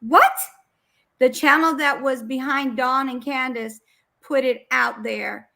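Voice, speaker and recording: A woman's voice: high voice, fairly even intonation, measured pace, vocal fry, bright, forceful tone. A woman giving casual reaction commentary on a played call recording, blunt and incredulous.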